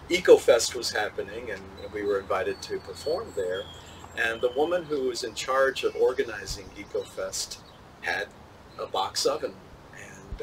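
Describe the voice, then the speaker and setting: A man, a physicist, answering interview questions in a measured, thoughtful way, with small laughs and restarts. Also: medium pitch, a bit bright, distant mic, slight background noise, rough recording. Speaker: physicist and solar cooker tester, interview guest.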